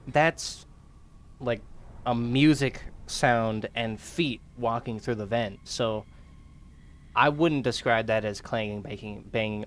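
A man's voice: mid-range voice, fairly bright tone. A young man playing a horror game on his channel, chatting casually, swearing and laughing as he reads in-game notes aloud. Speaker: gaming YouTuber. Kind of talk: let's play commentary.

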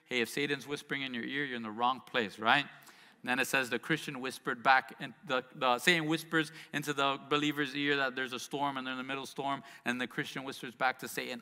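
A man's voice: fairly high pitch, moderate pace, pushed and bright, big-room sound. A man preaching a sermon as pastor, reading scripture and adding conversational asides and rhetorical questions.

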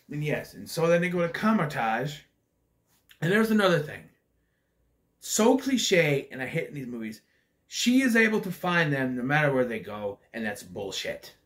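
A man's voice: a little high, a bit bright. Blunt, ranting man reviewing a movie. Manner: opinionated, ranting, blunt with swearing; loose, with fillers and restarts. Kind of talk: casual spoken movie review.

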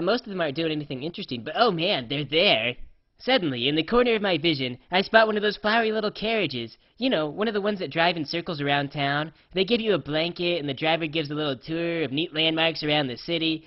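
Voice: medium pitch, natural voice. Someone voicing Rainbow Dash, a rambling dim pony. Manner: rambling, offhand, with frequent "uh" and "like". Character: female pony, scatterbrained and cheerfully oblivious. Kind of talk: comedic first-person storytelling. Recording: slightly dull lo-fi recording.

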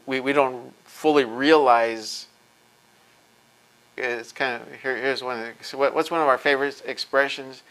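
A man's voice: mid-range voice, fairly bright tone. A man giving an impassioned lecture, intense and emphatic, blunt and profane, often repeating words as he presses his points.

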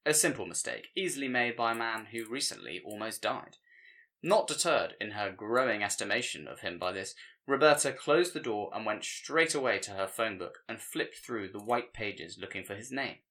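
Bright-voiced man reading a literary story. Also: lowish voice, expressive, moderate pace. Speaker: story reader. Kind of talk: scripted narration of a literary short story.

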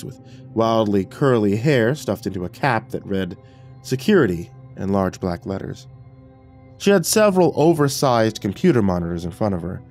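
Lively low-voiced man narrating a horror story. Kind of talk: scripted narration.

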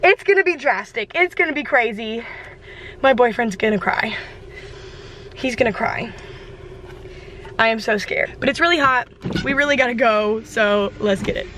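A young woman vlogging casually on her phone, excitable, rushed and chatty, first in a car and then in a small bathroom. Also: fairly high pitch, a little hiss or hum, rough recording. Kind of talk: casual vlog to camera. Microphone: phone held at arm's length.

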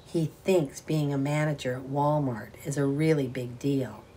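A woman reading a story aloud and voicing a sad, timid young woman who speaks softly and hesitantly. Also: a bass voice, fairly even intonation, normal speed, slight background noise. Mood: sad wistful. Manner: soft, wistful, hesitant.

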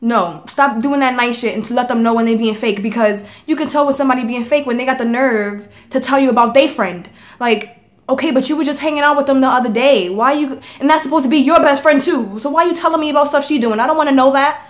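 A woman's voice: high voice, quick pace. A young woman vlogging in casual chat, talking bluntly and swearing freely as she rants. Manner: blunt, profane, ranting.

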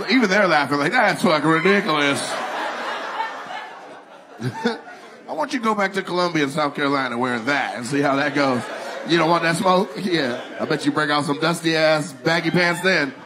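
A man doing crowd work in a big theater, pitched a little high with a lively, swinging delivery. He teases the audience loudly while a roaring crowd laughs behind him over a noisy live sound. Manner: loud, laughing, teasing audience members. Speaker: stand-up comedian. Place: large theater on stage.

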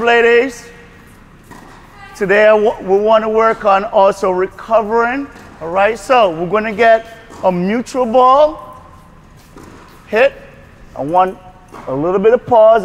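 A man coaching a tennis class on court, giving brisk repeated cues and frequent praise. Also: high-pitched. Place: tennis court at a racquet club.

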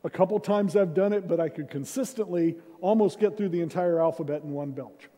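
Here the pastor's voice is high and dark in tone, moving a little fast. He preaches his sermon as senior pastor in a relaxed, conversational way, with humor aimed at himself, inside a church hall full of reverb.

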